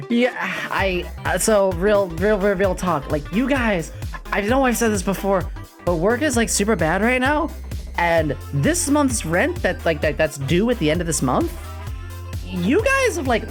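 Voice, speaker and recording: Young woman streamer, casual and giggly, very lively pitch, faint music underneath. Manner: excitable, giggly, swinging between squeals and low mutters. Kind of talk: casual live-stream chat.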